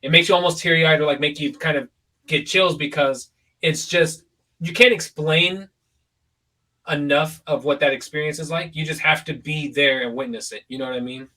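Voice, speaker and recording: A young man hosts a casual podcast, rambling along with many "likes" and "ums." His voice sits a bit high and sounds bright and forceful. He is a little far from the mic. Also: moderate pace. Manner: relaxed and rambling, full of fillers and likes. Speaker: podcast host.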